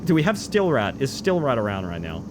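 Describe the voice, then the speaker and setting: A man, chatting excitedly as he streams a game live. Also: medium pitch, a little fast, background noise. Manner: excitable, chatty, bursts into loud exclamations. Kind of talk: live gameplay commentary.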